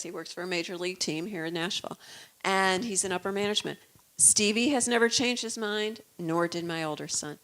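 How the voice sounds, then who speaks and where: A woman's voice: mid-range voice, a bit bright. A woman in her fifties from the Chicago suburbs, telling stories in an earnest, chatty way as a guest author. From United States, Chicago suburbs. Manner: chatty, earnest, proud mother. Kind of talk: casual storytelling talk.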